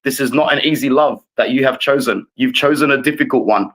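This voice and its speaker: A man's voice: medium pitch, a little fast, a bit bright, low-quality recording. A man, a guest in a casual football chat, talking with passion and rambling on. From Australia.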